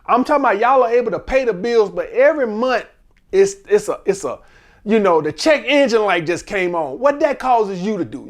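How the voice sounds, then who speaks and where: Male advice host, high voice, animated and foul-mouthed monologue. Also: fairly quick. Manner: blunt, profane, animated rant. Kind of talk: casual monologue.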